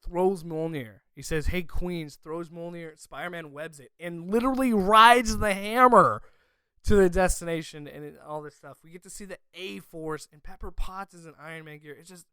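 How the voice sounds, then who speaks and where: Gushing young man, smooth and dry. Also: sits high, steady tone, moderate pace, pushed and bright, dry recording. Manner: gushing, emotional, stumbling restarts. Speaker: podcast host. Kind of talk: excited movie review.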